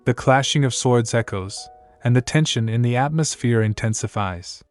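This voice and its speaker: A man reading a scripted story recap in a flat, even, somewhat stiff way. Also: mid-range voice, normal speed, soft background music. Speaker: narrator. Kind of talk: scripted manhwa recap narration.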